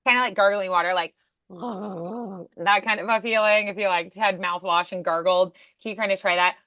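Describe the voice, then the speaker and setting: Bright-voiced woman voice coach. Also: medium pitch, steady tone, dry recording, clean studio sound. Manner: demonstrative, coaching with sound examples and quick prompts. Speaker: voice acting coach. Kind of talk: voice acting lesson.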